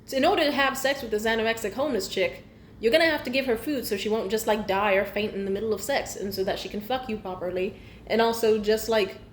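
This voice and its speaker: A woman's voice: mid-range voice, reverberant, slight background noise. Blunt, profane young woman ranting. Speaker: vlogger. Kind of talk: casual rant to camera.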